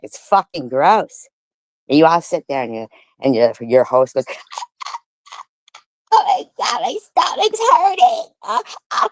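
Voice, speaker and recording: A woman's voice: a bass voice, a little mellow, dry recording. A middle-aged woman hosting a live stream, ranting in a confrontational, profane way, repeating herself and letting out scoffing laughs. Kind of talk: angry live stream rant.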